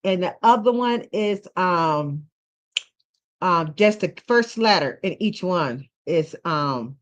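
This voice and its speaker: A woman's voice: fairly low pitch, animated, slow. A woman hosting a casual livestream who rambles, uses many fillers, and keeps checking in with "okay?". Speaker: livestream host.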